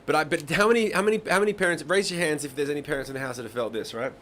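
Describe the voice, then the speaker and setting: A man's voice: on the high side, racing, a bit bright, slight background noise. A man in his thirties hosting a live songwriting stream, chatting casually and swearing freely as he tells rambling stories. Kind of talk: casual chat to a live audience.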